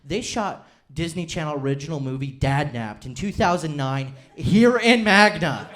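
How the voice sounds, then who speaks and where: A young man from Utah performing a stand-up comedy set on a club stage with a handheld mic. He is chatty and self-deprecating, and he slips into quick impressions of his family. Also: fairly high pitch, animated, a bit bright. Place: comedy club stage before a laughing audience.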